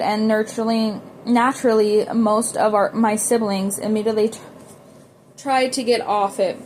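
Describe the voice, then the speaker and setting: A woman reads a novel aloud at an ordinary mid pitch. Her reading is unpolished, with small slips and restarts along the way. A faint hiss sits under the recording. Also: darkish tone. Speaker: audiobook reader.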